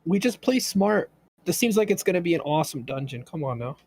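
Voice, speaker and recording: A man's voice: a little high, expressive, brisk, a little mellow, a little hiss or hum. Eager, joking young-sounding man player. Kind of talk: casual tabletop game chat.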